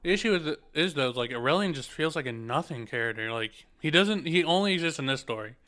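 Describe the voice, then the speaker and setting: A man's voice: on the high side, lively intonation, quick pace, sharp tone. A man streaming a game, rambling critically about its story, tripping over his words, restarting sentences and talking while eating. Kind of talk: casual gameplay rant.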